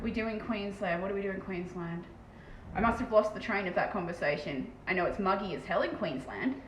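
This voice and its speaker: Fast-talking Australian woman, echoey room. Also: medium pitch, animated. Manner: very fast, chatty, swears casually. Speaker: live streamer and terrain painter. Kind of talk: casual live-stream chat. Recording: echoey room with faint background noise.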